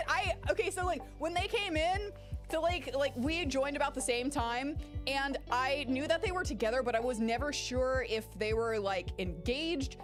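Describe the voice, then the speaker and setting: Woman, fairly high voice, casual gaming chat, rambling, swears freely, animated storytelling, music playing behind. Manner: animated storytelling with big pitch swings. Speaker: gaming YouTuber. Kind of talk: casual chat during a game playthrough. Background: game music.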